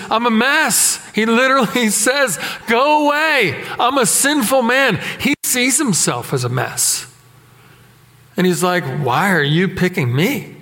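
A man preaching with a high, bright, forceful voice. He tells self-deprecating stories in a lively, animated way. His voice carries a long reverb from a large hall. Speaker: pastor. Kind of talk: sermon with personal stories.

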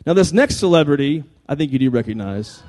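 Speaking to a live audience, a man delivers an energetic, funny talk at a slightly fast clip, his voice on the high side. He keeps joking, repeating phrases and calling for the crowd's attention.

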